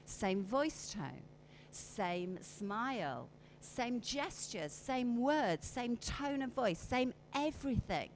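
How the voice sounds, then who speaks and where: A woman's voice: a little high, sing-song, slow pace, slight background noise, low-quality recording. A woman giving a live workshop talk, coaxing her audience through exercises and acting out emotions with her voice. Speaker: conference speaker. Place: conference hall.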